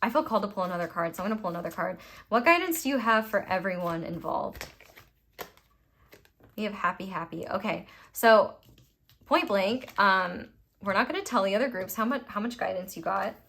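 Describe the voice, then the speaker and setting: A woman's voice: mid-range voice, fairly quick, vocal fry, fairly bright tone. A young adult woman giving a casual tarot reading, rambling and gushing, filling her talk with "like" and some swearing. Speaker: tarot reader. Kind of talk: casual pick-a-card reading.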